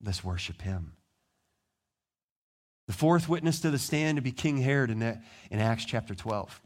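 A male pastor preaching a sermon, telling the story with lively, animated delivery and acting out the people in it. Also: mid-range voice, normal speed.

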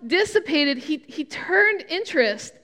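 A woman pastor telling a personal story in a sermon, animated, with frequent restarts. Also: sits high, measured pace, big-room sound.

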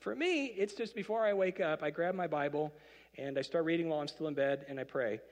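A male pastor delivers a relaxed, conversational sermon, slipping into acted-out voices for the people he quotes. His voice sits a little higher than most men's. The long reverb of a church auditorium hangs behind every phrase. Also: a little fast. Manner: conversational preacher, playful asides, acts out quoted voices. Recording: reverberant hall.

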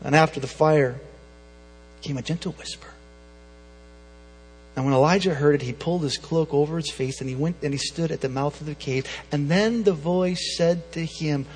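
A man's voice: high-pitched, a little fast. A man preaching a sermon as a pastor, earnest and full of repeated rhetorical questions. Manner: earnest, repeats rhetorical questions, speeds up when pressing a point. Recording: reverberant hall with soft music.

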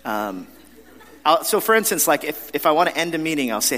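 A man's voice: fairly high pitch, very animated, fast talker, a bit bright. A man preaching a sermon as pastor, in a conversational, self-deprecating storytelling manner with frequent restarts. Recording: long reverb of a large hall.

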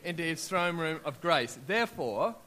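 A man, preaching a sermon in an animated, storytelling way, acting out his own prayers as he goes. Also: on the high side, moderate pace, a little hiss or hum.

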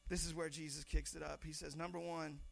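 A young man preaching a sermon in a church, talking conversationally, stumbling over repeated words and now and then shouting lines for emphasis. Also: a little high, flat delivery, a little fast, gravelly. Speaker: pastor.

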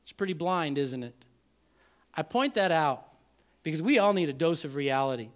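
A man preaching a sermon as pastor, animated and acting out the people in the story. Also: a little high, normal speed. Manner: animated, acts out quoted voices.

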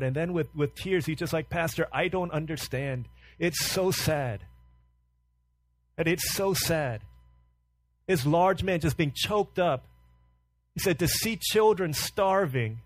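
A man preaches with fervor, piling up rhetorical questions and dropping to hushed tones for emphasis. His voice sits fairly high for a man, and the close, dry recording leaves almost no room sound. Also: dry recording. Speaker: pastor. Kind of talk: sermon.

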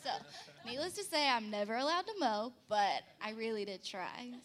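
A young woman casually telling a funny story about her husband, acting out quotes with big jumps in pitch and laughing often. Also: sing-song, normal speed, a bit bright.

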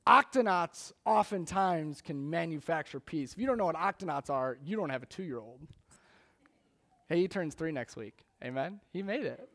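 A man preaching a sermon in a conversational, animated storytelling way, acting out little scenes as he goes. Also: fairly high pitch, moderate pace. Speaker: pastor.

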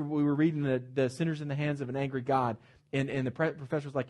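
Preaching to his congregation in a church sanctuary, a pastor speaks emphatically and with animation, adding jokes and repeating words at the start of phrases. His voice is on the high side and his pace brisk.

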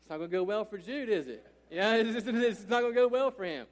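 A man's voice: high-pitched, fast. A man in his thirties preaching a sermon as a pastor, emphatic and often checking in with listeners. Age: 30s. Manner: emphatic, repeats "right?" and "listen" to engage listeners. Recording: long hall reverb.

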